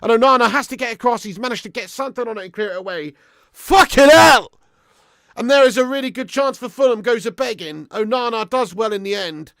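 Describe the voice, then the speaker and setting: A man runs a live football watch-along, calling the play and answering viewers. His voice sits high and carries a gravelly rasp, picked up by a close mic in a dry, dead room. He swears freely and swings from loud outbursts to flat moaning. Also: fast, few pauses, no room sound. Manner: swears a lot, swings between excited shouting and flat grumbling. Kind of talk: live match commentary and fan chat.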